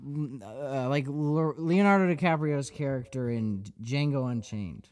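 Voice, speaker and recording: A man co-hosting a casual podcast, chatty and halting, searching for words. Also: medium pitch, a little mellow, no room sound, clean studio sound. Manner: chatty, halting, lots of fillers and restarts. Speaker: podcast co-host.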